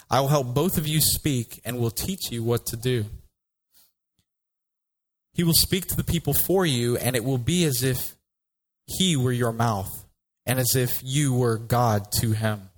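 Male pastor voicing God, stern and booming, commanding tone. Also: measured pace, natural voice, low-quality recording.

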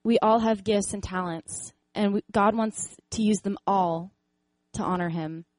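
A young woman speaks in an earnest, encouraging way, telling a personal faith story with laughs and quick acted-out voices. Her voice sits at a mid pitch. The recording is dry and close, with no room sound. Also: no echo. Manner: animated storytelling, acts out voices in quotes. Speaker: speaker sharing a faith testimony.

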